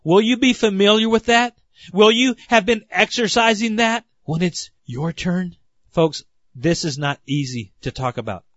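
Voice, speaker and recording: A man's voice: sits high, fairly bright tone, dry recording, lo-fi sound. A man preaching a sermon in an earnest, emphatic way, often calling the listeners "my friends.".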